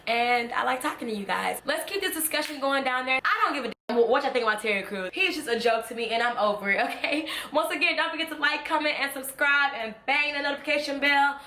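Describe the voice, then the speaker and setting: High bright-voiced woman ranting blunt. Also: quick pace, hardly any pauses. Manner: blunt, exasperated ranting with slang. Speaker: vlogger. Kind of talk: casual commentary vlog. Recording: echoey room.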